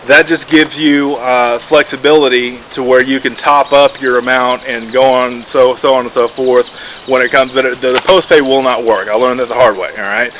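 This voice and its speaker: A man from Texas giving a casual, rambling product review, full of "uh" and "basically", with lots of restarts. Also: mid-range voice. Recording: background noise.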